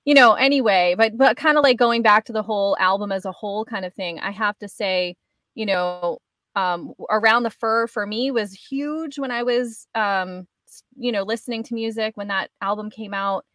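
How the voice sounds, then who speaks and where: A woman's voice: medium pitch, normal speed, a bit bright, dry recording, studio quality. A woman hosting an interview, chatting eagerly with lots of fillers. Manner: enthusiastic, chatty, frequent laughs and fillers. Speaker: podcast host. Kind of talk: casual interview chat.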